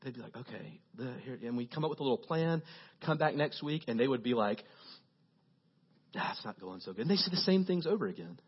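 A man preaching a casual, joking sermon as a youth pastor, telling animated stories to his congregation. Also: medium pitch, quick pace, breathy edge, muffled recording.

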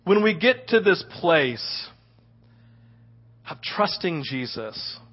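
A man preaching a sermon as a pastor, telling stories in an animated way and often asking "right?". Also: on the high side, slow, breathy edge, highs cut off. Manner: animated storytelling with frequent "right?".

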